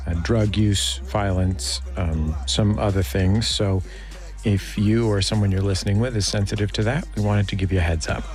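A man's voice: fairly low pitch, fairly even intonation, moderate pace, a little mellow, faint music behind. A man hosting an interview show, chatty and thinking aloud, often asking if you know what he means. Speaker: radio interview host.

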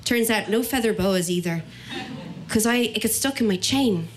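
An Irish woman telling a comic personal story live, animated and acting out the voices of the people in it. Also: mid-range voice, normal speed, a little hiss or hum. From Ireland.

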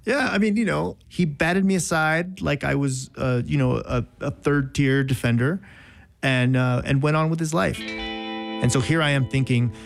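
A man's voice: fairly high pitch, steady tone, normal speed, gravelly, no room sound, faint music behind. A man spins a long, self-mocking story about a job gone wrong, circling back and restarting his sentences as he goes. He sounds close and dry, with no room around him. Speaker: journalist telling a story. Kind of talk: casual podcast anecdote.

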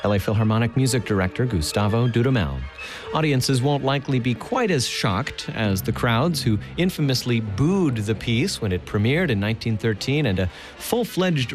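A man narrating a radio news feature with a crisp reporting delivery. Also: medium pitch, animated, normal speed, music in the background.

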